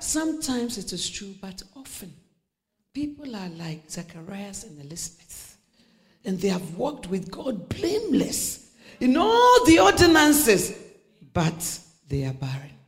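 A woman's voice: a little high, sing-song, unhurried. A middle-aged woman preaching a sermon, telling stories with laughter, acting out voices and dropping to near-whispers.

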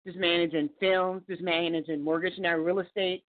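A woman's voice: on the low side, level tone, moderate pace. A woman calling in to a radio show, a former co-host, chatty and outspoken with frequent laughs. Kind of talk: casual call-in radio chat. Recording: tinny phone line.

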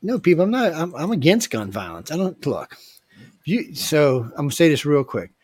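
A man hosting a casual talk show, blunt and animated, his voice rising loud and dropping soft. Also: fairly high pitch, normal speed, slightly rough, no room sound. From Southern US. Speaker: host.

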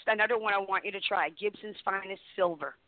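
A man, co-hosting a wrestling radio show in excitable, repetitive casual chat. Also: sits high, fast talker. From Canada. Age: 40s. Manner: chatty, excitable, repeats himself. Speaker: co-host. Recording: dry tinny phone-line audio.

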